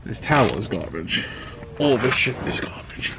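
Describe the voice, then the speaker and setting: A man's voice: lowish voice, big pitch swings, normal speed. A man doing his own oil change outdoors on a street, narrating casually to viewers and cursing in frustration. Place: outdoors on a street beside a car. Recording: noisy street recording, cars passing. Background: passing traffic.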